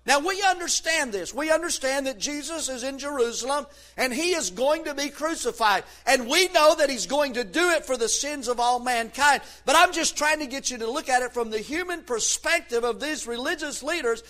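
High-voiced fervent man preaching. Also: lively intonation, moderate pace, hardly any pauses. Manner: fervent preaching with shouted peaks. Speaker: pastor. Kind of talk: sermon.

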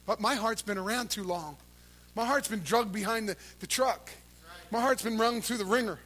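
A man preaching a sermon, his voice pitched high and ringing bright. He swings between shouted calls to the congregation and low, intense stretches of talk, all delivered from the pulpit of a church service. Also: normal speed. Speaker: pastor.

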